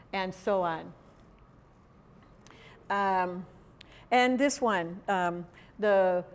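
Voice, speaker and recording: A woman's voice: mid-range voice, darkish tone. Woman presenter in a reverberant hall. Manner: conversational, halting with frequent fillers, quizzes the audience. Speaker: workshop presenter for language teachers. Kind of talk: conference workshop talk. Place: large conference hall.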